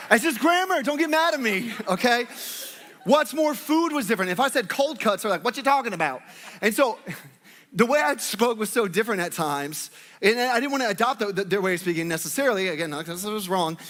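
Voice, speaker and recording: Speaking fairly quickly in a high, animated voice with a fairly bright tone, this Northwest Arkansas pastor jokes with his congregation during a sermon. The church hall gives the audio a long, lingering reverb.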